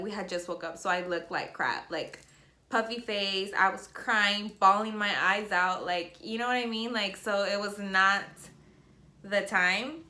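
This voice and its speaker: Young woman vlogger, bright voice, chatty and breathless, emotional. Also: medium pitch, echoey room. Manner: chatty, tearful and excited, many fillers. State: slightly out of breath. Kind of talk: emotional personal vlog.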